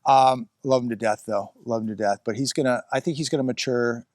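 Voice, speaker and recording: A man's voice: medium pitch, steady tone, a little fast, a little mellow, no echo, clean studio sound. A man vlogging outdoors on a rural ranch, rambling bluntly and breaking off to scold his dog. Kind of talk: casual outdoor commentary. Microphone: phone or camera he adjusts himself.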